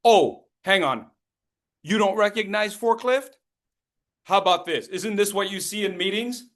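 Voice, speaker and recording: A man's voice: sits high, very animated, measured pace, a bit bright. A man in his fifties presenting a public speaking workshop, playful and encouraging as he calls on people by name. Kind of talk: lively interactive workshop coaching.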